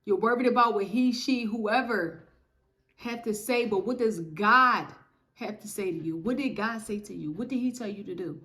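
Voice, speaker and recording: A young woman telling her faith testimony in a lively, preachy way, talking straight to her viewers. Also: mid-range voice, moderate pace. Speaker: testimony speaker. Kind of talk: casual spoken testimony.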